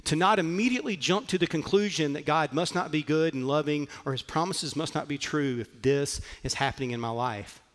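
A man's voice: on the high side, big-room sound. A man preaching a sermon, telling a story earnestly and with frequent fillers. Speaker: pastor.

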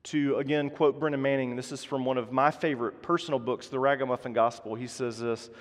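A man preaching a sermon as pastor, earnest, building to emphatic passages and then falling soft and quiet. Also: mid-range voice, fairly even intonation, brisk. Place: church sanctuary. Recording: long reverb of a large hall.

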